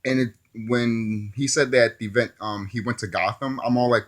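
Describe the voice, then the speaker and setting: A man's voice: mid-range voice, fairly even intonation, moderate pace, hardly any pauses. A man giving a casual, rambling movie review who often laughs at his own jokes.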